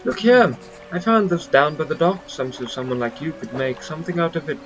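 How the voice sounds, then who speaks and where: A man's voice: fairly high pitch, animated, brisk, faint music behind, close to an everyday voice, poor audio. A man voicing a friendly male townsman with an encouraging, plain delivery.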